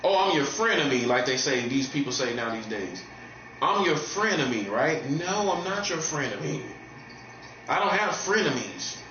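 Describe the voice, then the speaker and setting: A man delivering a taunting monologue as a self-styled preacher, repeating phrases and swinging from mocking highs to low, earnest tones. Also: big pitch swings, moderate pace, bright, forceful tone, slight background noise. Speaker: street preacher. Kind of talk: provocative monologue. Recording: roomy dull lo-fi recording with faint ambience.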